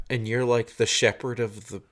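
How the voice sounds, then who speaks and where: A man's voice: mid-range voice, level tone, a little slow, fairly bright tone. A man in casual chat who steers the conversation and answers with short, wry reactions.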